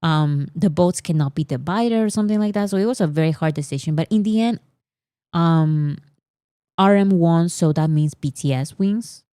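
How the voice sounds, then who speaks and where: A woman's voice: deep voice, moderate pace, warm tone, no echo, studio quality. A woman hosting a casual livestream, chatting in an opinionated way with many fillers. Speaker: livestream host.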